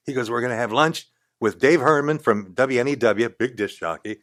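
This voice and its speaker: A man's voice: medium pitch, brisk, fairly bright tone. An older man, a radio talk show host, telling profane, chatty anecdotes as a guest in a podcast studio. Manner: blunt, profane, chatty raconteur. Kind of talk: casual anecdotal storytelling.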